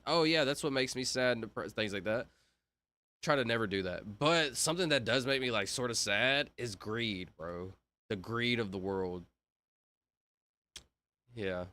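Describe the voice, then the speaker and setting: Bright-voiced young man chatting casually. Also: fairly low pitch. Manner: rambling, filler-heavy, says "like" and "bro" a lot. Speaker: streamer. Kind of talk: casual livestream chat.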